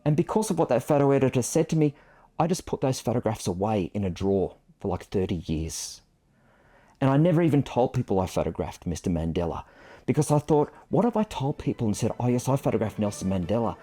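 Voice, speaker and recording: A man's voice: medium pitch, big pitch swings, a little fast, mellow. Reflective man in his fifties telling a story. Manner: reflective, self-deprecating storytelling. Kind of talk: storytelling to camera.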